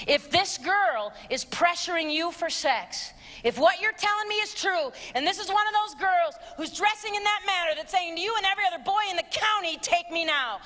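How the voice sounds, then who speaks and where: Blunt sarcastic middle-aged woman on a stage mic, high bright voice, long hall echo. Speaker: speaker. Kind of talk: live talk to teens and parents. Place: church auditorium. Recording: long reverb of a large hall.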